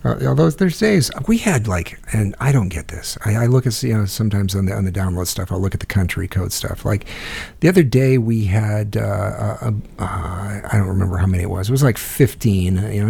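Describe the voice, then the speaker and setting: Rambling gravelly podcast host. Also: male voice, fairly low pitch, brisk, mellow. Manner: rambling, many fillers and restarts. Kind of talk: casual podcast banter.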